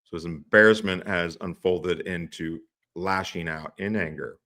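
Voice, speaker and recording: Low-voiced amused man. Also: steady tone, moderate pace, sharp tone. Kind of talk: casual chat.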